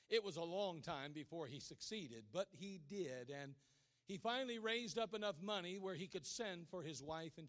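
A preacher with a high-pitched male voice delivers a sermon as a dramatic story. He drops to a hush for the key lines and then climbs back up to near-shouting.

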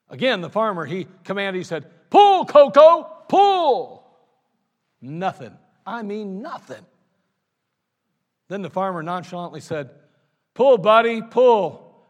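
A male pastor preaching a sermon, emphatic, with repeated phrases and a folksy storytelling manner. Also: fairly high pitch. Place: church sanctuary. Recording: reverberant church hall.

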